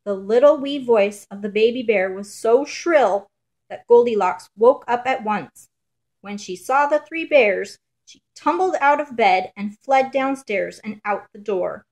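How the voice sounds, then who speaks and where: A woman reading a children's fairy tale aloud in a measured, rhythmic storybook manner. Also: on the high side, lively intonation.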